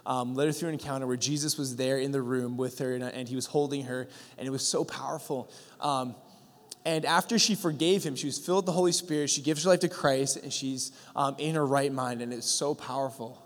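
A man's voice: mid-range voice, steady tone, brisk. A man telling a testimony in a sermon, earnest, with many fillers and restarts. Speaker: preacher sharing a testimony. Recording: long hall reverb.

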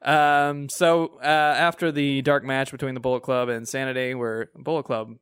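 A man co-hosting a podcast in casual chat, talkative and quick to laugh. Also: mid-range voice, flat delivery, a bit bright, clear, resonant tone, no echo. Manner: chatty, laughs often, restarts sentences. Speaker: podcast co-host.

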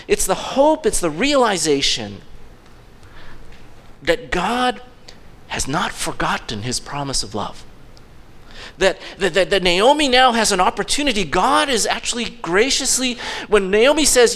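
A man's voice: high voice, very animated, moderate pace, fairly bright tone, big-room sound. A male pastor delivering a sermon, retelling a story with acted-out quotes and frequent restarts.

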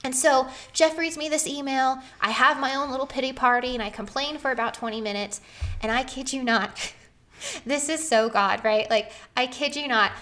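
Woman, 30s, podcast story time, kinda high voice, earnest and animated. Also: normal speed.

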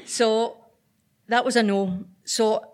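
A woman's voice: on the high side, steady tone, slow. A Northern Irish woman telling a true personal story on stage at a live event, chatty and self-deprecating with frequent ums.

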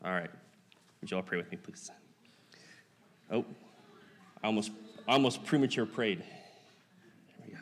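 Low-voiced man leading church, hall reverb. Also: a little slow, pauses often. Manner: relaxed, lightly joking, with frequent fillers. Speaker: church service leader. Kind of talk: church announcements and prayer. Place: church sanctuary.

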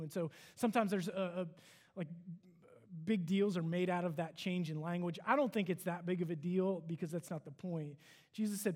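A man's voice: high-pitched, moderate pace, darkish tone. A man giving a sermon, retelling a story in an earnest, conversational way with casual fillers. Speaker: preacher.

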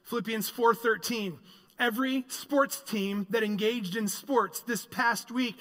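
Animated pastor preaching in a reverberant church. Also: male voice, very high-pitched, a little slow. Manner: animated, swings between loud emphasis and quiet reflection. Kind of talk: sermon. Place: church sanctuary.

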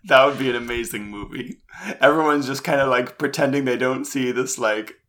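A woman's voice: a bass voice, a little fast, a bit bright. A woman co-hosting a casual podcast, recapping a movie with wry, sarcastic asides. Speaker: podcast co-host.

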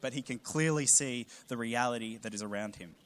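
Animated man preaching. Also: mid-range voice, fairly quick, slight background noise. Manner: humorous storytelling, animated emphasis. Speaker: pastor. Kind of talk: sermon.

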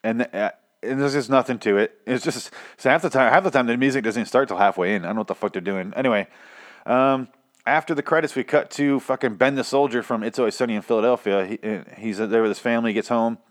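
A man's voice: mid-range voice, fast talker. A young man casually recapping a TV episode, rambling, swearing often and stumbling over his words while poking fun at himself. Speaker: TV recap podcaster.

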